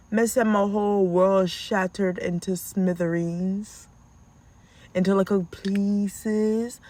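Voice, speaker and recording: A woman telling casual, animated stories as a podcast host, acting out how she scolds her kids. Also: mid-range voice, slow pace. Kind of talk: casual storytelling.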